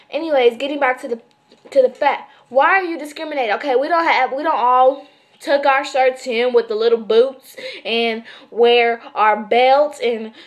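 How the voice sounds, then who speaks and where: A woman from Houston, ranting sassily and emphatically in a vlog. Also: high voice. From Houston, Texas. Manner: sassy, emphatic, repetitive. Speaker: vlogger.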